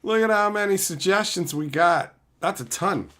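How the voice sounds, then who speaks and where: A relaxed male streamer chatting casually with his viewers, reading their messages aloud and joking along. His pitch moves a lot, bouncing up and down as he riffs. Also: moderate pace. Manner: laid-back, joking, reads chat aloud. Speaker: streamer host. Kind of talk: casual livestream chat.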